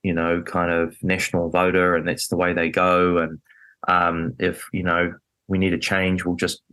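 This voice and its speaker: A man's voice: sits low, monotone, normal speed, bright, forceful tone, smooth. A man talking politics as a podcast guest, emphatic and indignant, with many fillers. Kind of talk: animated political chat. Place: podcast studio.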